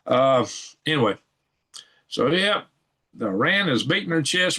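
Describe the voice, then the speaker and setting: A man's voice: on the high side, sing-song, measured pace, long pauses, bright, forceful tone, breathy edge. A man hosts his channel, reading news articles off a shared screen and commenting in a rambling way, chuckling and thinking aloud as he goes. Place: at home at a computer.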